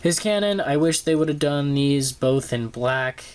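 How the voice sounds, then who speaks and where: A man's voice: on the high side, animated, slight background noise. Rambling young man reviewing a toy. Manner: rambling, halting, with frequent ums and uhs. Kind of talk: casual hands-on toy review. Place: home desk filming a toy close up. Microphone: camera microphone.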